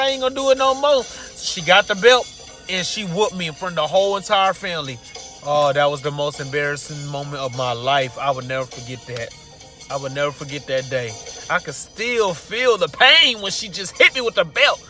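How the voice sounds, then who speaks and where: A man with a slightly high voice, speaking at normal speed, casually tells a funny personal story and acts out the people in it. He's casual and animated, voicing the quotes, with faint music playing behind him.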